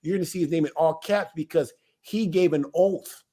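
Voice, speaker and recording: A man's voice: on the high side, normal speed, dark tone. A man, an elder of a small ministry, teaching his viewers informally and emphatically, often asking a rhetorical question and then answering it himself.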